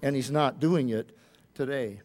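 A man preaching a sermon, with an emphatic delivery that rises loud and drops low. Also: a little slow. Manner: emphatic, rising and falling delivery.

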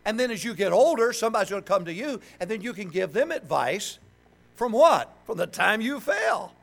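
A man's voice: high-pitched, fairly quick, vocal fry. An older man preaching a sermon, joking and calling on the congregation to answer back. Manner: joking, animated, call-and-response with the congregation.

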